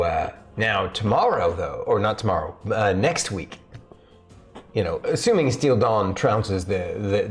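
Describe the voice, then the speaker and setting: A man narrating as game master, rambling with many restarts. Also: lowish voice. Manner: rambling, full of fillers and restarts.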